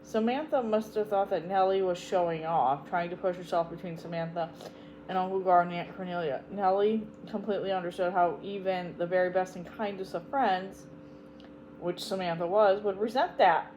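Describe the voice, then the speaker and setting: Expressive woman reading a storybook. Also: on the low side, moderate pace, a little hiss or hum, poor audio. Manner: expressive, emphatic, tender at sad parts. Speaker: audiobook reader, channel host.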